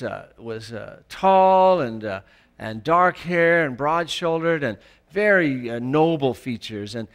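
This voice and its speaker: A male pastor preaching a sermon in church, emphatic, rising to loud peaks. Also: on the high side.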